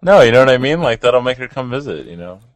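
A man's voice: medium pitch, sing-song, fast talker, dry recording. A young adult man co-hosting a casual podcast chat, crude and joking and laughing often. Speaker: podcast co-host.

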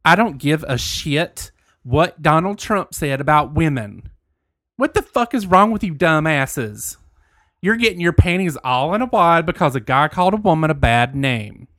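A man's voice: a little high, expressive, normal speed, a bit bright, no room sound, clean studio sound. A man reading out an angry right-wing woman's post in a put-on country voice, crude and furious. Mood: angry rant.

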